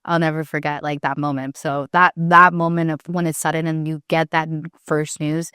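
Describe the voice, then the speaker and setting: A woman's voice: low voice, level tone, normal speed, bright, forceful tone, clear, resonant tone, no room sound, clean studio sound. A woman who co-founded a startup, a guest on a podcast, speaking in an earnest, reflective way that restarts mid-sentence. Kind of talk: casual conversational interview.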